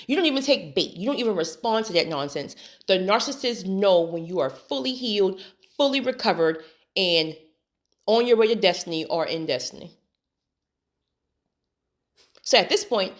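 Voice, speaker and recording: A spiritual talk host with a fairly low voice delivers a casual, faith-based monologue to viewers. She's animated and preachy, laughs often, and keeps saying "honey" and "right?".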